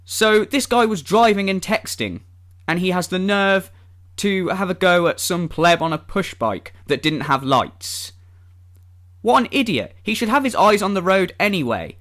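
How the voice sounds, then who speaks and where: A man's voice: high voice, animated, a little slow, fairly bright tone. A man ranting in a vlog, sarcastic and exasperated, swearing often. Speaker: vlogger.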